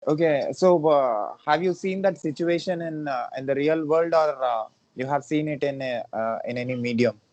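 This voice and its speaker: A man hosting a podcast, asking halting questions with many fillers. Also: a little high, a little mellow, no room sound. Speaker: podcast host. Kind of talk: casual interview. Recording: dull lo-fi dry sound.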